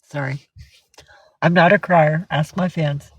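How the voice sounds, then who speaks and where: A woman's voice: deep voice, fairly even intonation, slow pace, breathy edge, no echo, dull audio. A woman livestreaming in casual chat, teary and emotional, slipping into baby talk with her cat. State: tearful.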